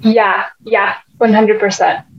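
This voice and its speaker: A woman's voice: medium pitch, flat delivery, slow pace. An American woman hosting a casual podcast chat, rambling with many restarts and losing her train of thought. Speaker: podcast host. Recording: muffled lo-fi podcast audio.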